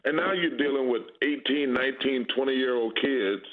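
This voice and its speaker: A man's voice: medium pitch, moderate pace. Blunt man in his fifties, phone line. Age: 50s. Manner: blunt, candid, emphatic. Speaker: guest basketball analyst. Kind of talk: casual sports talk. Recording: tinny phone-line audio.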